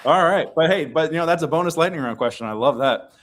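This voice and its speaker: A man hosting an interview, relaxed and chatty in a casual conversational style. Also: a little high, quick pace, slight background noise. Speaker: host.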